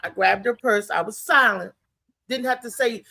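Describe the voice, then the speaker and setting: A woman's voice: fairly high pitch, moderate pace, creaky, bright, forceful tone. A woman comedian hosting a talk show, telling an emphatic story with a preachy edge. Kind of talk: casual talk show monologue.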